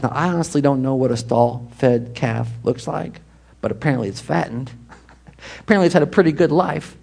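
A man preaching a sermon. His tone is conversational and animated, with asides, questions to the congregation and short laughs. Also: mid-range voice, moderate pace, creaky, husky. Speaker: pastor.

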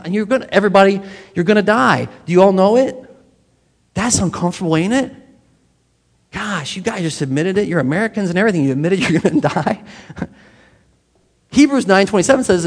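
A man preaching a sermon to his congregation in a conversational way, often putting questions straight to the people in the pews. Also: high-pitched. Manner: conversational, quizzes the congregation directly. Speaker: pastor. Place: church sanctuary. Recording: long reverb of a large hall.

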